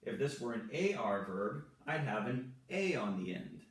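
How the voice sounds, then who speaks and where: A male Spanish teacher walking through verb forms at a whiteboard, slowly and patiently repeating each one. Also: mid-range voice, sing-song. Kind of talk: whiteboard grammar lesson. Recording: echoey room, mic far off.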